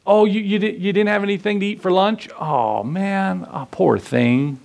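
A man voicing a doting coddler who fusses over a pampered grown-up, with a cooing, drawn-out way of talking. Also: high-pitched, gravelly, a little mellow.

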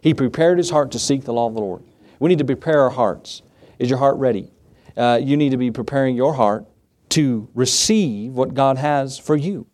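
A man's voice: mid-range voice, moderate pace, darkish tone. A pastor preaching to his small church, reading scripture aloud and voicing impassioned prayers. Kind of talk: sermon.

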